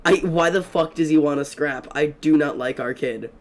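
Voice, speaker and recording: Excitable, profane young streamer guy. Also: a little high. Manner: excitable and profane, fast rambling storytelling with many fillers. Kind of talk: casual gaming stream chat.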